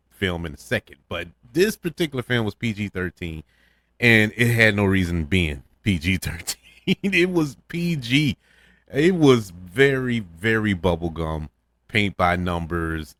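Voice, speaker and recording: Chuckling man, lowish voice, dry sound. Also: a bit bright, dry recording. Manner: opinionated, chuckles often, repeats words while thinking. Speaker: podcast host reviewing films. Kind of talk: casual spoken film review.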